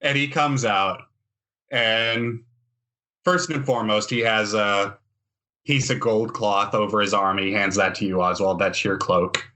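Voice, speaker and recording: A man narrating scenes as the game master of a tabletop game, in a relaxed, descriptive way. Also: fairly low pitch, unhurried.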